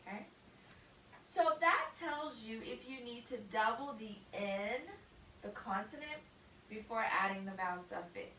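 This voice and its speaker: A woman's voice: fairly high pitch, bright, forceful tone, reverberant, recorded from a distance, slight background noise, low-quality recording. A woman teacher giving a patient spelling lesson to a student, spelling out words letter by letter.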